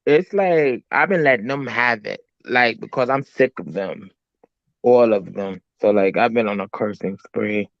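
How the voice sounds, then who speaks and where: A man's voice: on the low side, measured pace, gravelly, no room sound. Rambling New York man. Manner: rambling, lots of "like". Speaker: guest. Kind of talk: casual chat. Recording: dull, dry sound.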